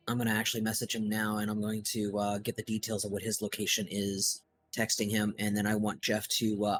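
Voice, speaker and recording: A man playing a tabletop game, talking in a relaxed way with many fillers. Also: lowish voice, breathy edge. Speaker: player. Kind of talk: tabletop role-play.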